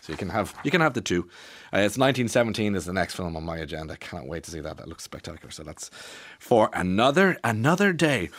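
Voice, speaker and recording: Chatty Irish man, low voice, dry studio. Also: very animated, fast, a bit bright, dry recording. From Ireland. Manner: chatty, rambling, with many restarts and asides. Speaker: radio presenter. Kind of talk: casual monologue.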